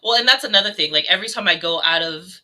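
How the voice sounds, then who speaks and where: A man from California telling stories in a casual podcast chat, animated and laughing often. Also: sits high, fast, poor audio. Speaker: podcast co-host.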